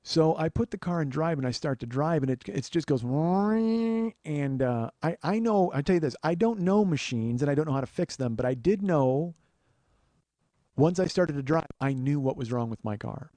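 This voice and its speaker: A man hosting a comedy podcast, telling an exasperated, profane story that swings from low muttering to loud outbursts. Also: lively intonation, fairly quick, no echo. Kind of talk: storytelling monologue.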